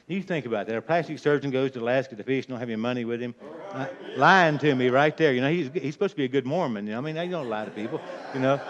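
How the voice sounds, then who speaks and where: A man's voice: mid-range voice, fast talker, hardly any pauses, slight background noise. An older man telling a folksy, rambling prank story in casual talk, chuckling as he goes, on a dull lo-fi recording. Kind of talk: casual spoken anecdote.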